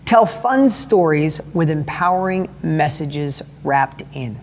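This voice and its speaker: A middle-aged man with a high-pitched voice gives an earnest motivational talk, telling family stories with frequent restarts and self-corrections. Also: lively intonation, takes it slowly, slight background noise. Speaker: motivational speaker.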